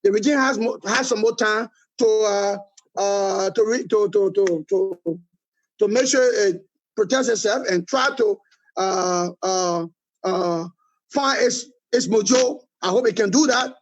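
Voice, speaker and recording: Speaking unhurriedly in a high-pitched voice, a middle-aged man with a Liberian accent takes interview questions as a guest and political movement leader. He criticizes forcefully and hammers points through repetition, with the top frequencies missing from the audio.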